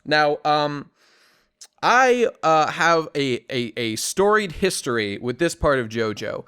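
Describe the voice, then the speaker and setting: A man hosting a casual podcast chat, quick and jokey with a mock-snobbish edge. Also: fairly high pitch, big pitch swings, pushed and bright, clean tone, dry recording. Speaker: host.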